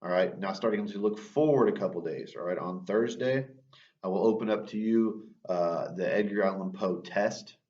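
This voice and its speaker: A man with a low voice talks through class assignments in a relaxed, conversational way, checking in with "right?" as he goes. He sounds set back from the mic, and the recording is dull and lo-fi. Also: moderate pace, distant mic. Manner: casual, repeats "all right" and "right?" often. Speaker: teacher.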